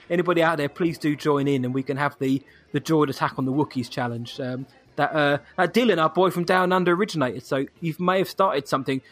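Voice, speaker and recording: Male podcast co-host, a touch higher voice, joking and chatty. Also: a bit bright. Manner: jokey, chatty, wraps up the show. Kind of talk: casual podcast chat.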